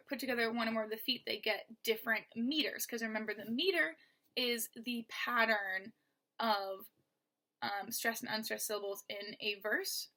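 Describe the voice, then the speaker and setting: Slow, bright-voiced woman teaching poetry. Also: a little high. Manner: patient, steady, sounds out stress patterns. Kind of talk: explaining poetry lesson.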